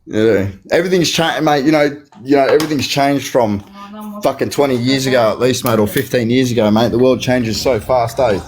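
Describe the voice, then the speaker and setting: A man's voice: mid-range voice, fairly quick. Slangy Australian man, casual chat. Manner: slangy, peppers speech with "mate" and "you know what I mean".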